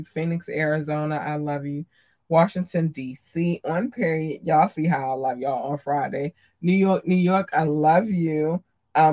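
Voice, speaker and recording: A woman hosting a podcast, chatting casually and affectionately with listeners and often jumping into a squeaky high voice for greetings. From Maryland, USA. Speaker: podcast host. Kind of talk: casual livestream shout-outs.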